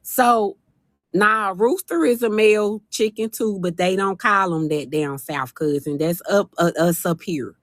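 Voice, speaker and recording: Woman chatting on a phone livestream, animated and folksy, teasing, dry close sound. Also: medium pitch, measured pace, no room sound. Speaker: livestream host. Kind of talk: casual livestream chat.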